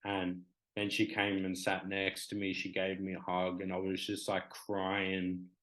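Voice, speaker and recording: A man's voice: low voice, monotone, measured pace, fairly bright tone, low-quality recording. A man in his twenties with an Australian accent, a talk show guest speaking candidly and rambling with many fillers. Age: 20s.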